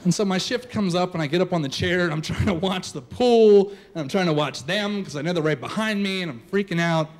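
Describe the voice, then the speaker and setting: A young man telling a personal story on stage before a live audience, casual and animated, full of "like" fillers. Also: high-pitched, brisk, few pauses.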